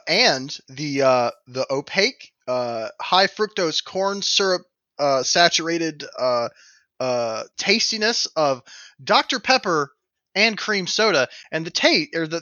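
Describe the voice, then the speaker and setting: A man appearing as a guest on a casual podcast, trading goofy deadpan quips. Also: on the high side, a little slow, no room sound, dull audio. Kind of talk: casual comedic podcast chat. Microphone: remote call recording.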